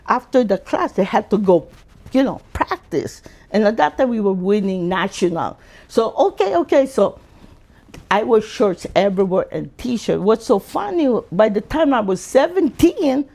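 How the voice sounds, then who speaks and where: A man, telling his life story as an interview guest in an animated way. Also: creaky. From Philippines. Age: 60s. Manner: animated, acts out quotes in high voices.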